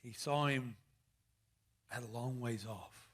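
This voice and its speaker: A man's voice: medium pitch, takes it slowly, long pauses, husky. A man preaching a sermon in a plainspoken, folksy storytelling manner. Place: church service.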